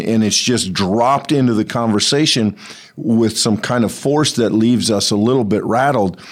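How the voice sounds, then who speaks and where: A man co-hosting a Bible study, laying out his points in a measured, step-by-step way. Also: lowish voice. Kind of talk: conversational Bible study discussion.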